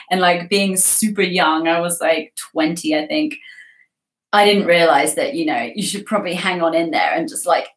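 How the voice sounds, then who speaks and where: A young woman hosting a casual livestream, chatting and giggling as she reads viewer comments. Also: on the low side. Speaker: livestream host. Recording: roomy echo.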